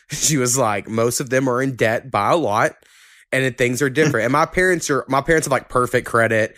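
Laid-back Oklahoma podcast host, dry sound. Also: male voice, medium pitch, a little fast, dry recording. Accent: Southern Oklahoma, mild. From Oklahoma, USA. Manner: relaxed, swears casually. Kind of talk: casual chat.

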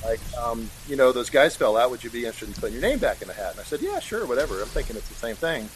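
Fast-talking middle-aged man. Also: medium pitch, background noise. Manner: animated, acts out quoted voices, chuckles often. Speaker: guest, state senator. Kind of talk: casual storytelling in a podcast interview.

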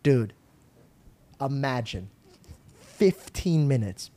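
A man's voice: mid-range voice, extremely slow. A young man hosting a podcast, telling a story casually with swearing and acted-out lines. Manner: animated, swears, acts out other people's lines. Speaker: podcast host.

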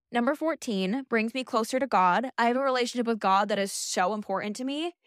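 A woman's voice: medium pitch, no echo, studio quality. A young adult woman hosting a casual monologue podcast, chatty and emphatic with a sassy edge. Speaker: podcast host.

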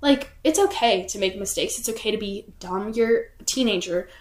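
A woman's voice: mid-range voice, normal speed. A teenage woman co-hosting a podcast in casual chat, peppering her talk with "like" and "um". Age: teens. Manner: chatty, heavy use of "like" and "um". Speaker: podcast co-host. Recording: echoey room.

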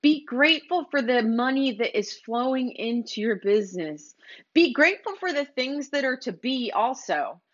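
A woman's voice: high-pitched, expressive, moderate pace, a bit bright. A woman hosting a motivational business podcast, urging listeners in a preachy, repetitive way. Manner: preachy, urging, repeats phrases. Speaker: podcast host. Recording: slightly dull lo-fi recording.

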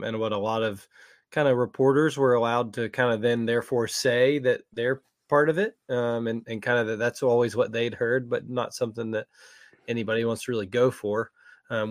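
Male co-host, mid-pitched, dry close sound, halting delivery. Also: steady tone, dry recording. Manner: hesitant, lots of fillers. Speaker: podcast co-host. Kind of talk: casual sports podcast chat.

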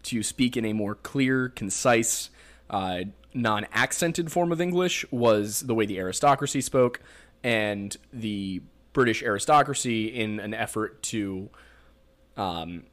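Rambling Pennsylvania-accented podcast host. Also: male voice, on the low side, expressive, measured pace, fairly bright tone. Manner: rambling, joking, filler-heavy explainer. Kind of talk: casual chat.

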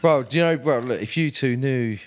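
A man chats casually on a podcast, winding through long stories with restarts and asides. His voice sits at an ordinary middle pitch and comes over a remote line. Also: brisk. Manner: chatty, rambling anecdotes with playful accent impressions. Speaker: podcast co-host. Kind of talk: casual chat.

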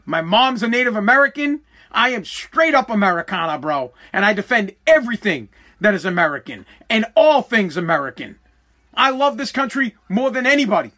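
A man with a Boston accent hosting a solo podcast, ranting loudly and combatively with plenty of swearing. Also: high voice, big pitch swings, fairly quick. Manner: loud, combative ranting with profanity. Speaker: podcast host.

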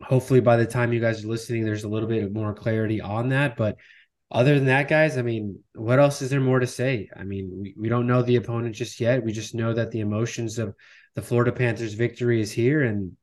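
A man's voice: medium pitch, fairly even intonation, fairly quick, a little mellow. A man hosting a fan podcast in casual sports chat, summing things up and passing the talk to his co-hosts. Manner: wraps up and hands over to co-hosts. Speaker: podcast host.

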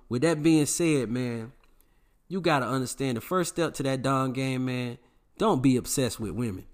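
A man giving dating advice to the camera in an emphatic, preachy, repetitive way, full of slang. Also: medium pitch. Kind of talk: casual advice monologue to camera.

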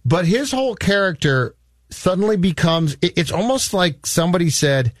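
A man co-hosting a podcast, chatting casually about a film and retelling its scenes with animated disbelief. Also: high voice, normal speed, dry recording, clean studio sound. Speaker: podcast co-host.

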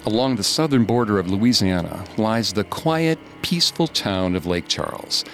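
A man, a podcast host, reading scripted horror narration in a slow, hushed, suspenseful way. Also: on the low side, lively intonation. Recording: studio narration over faint music.

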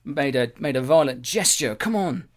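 A man joining a casual football chat, speaking in a hesitant, halting way. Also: a little high, lively intonation.

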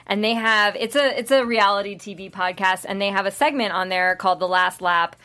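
A woman's voice: medium pitch, steady tone, bright, forceful tone. A woman co-hosting a casual TV recap panel, chatty and running the segments. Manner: chatty, runs the segments, quick to laugh. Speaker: podcast co-host.

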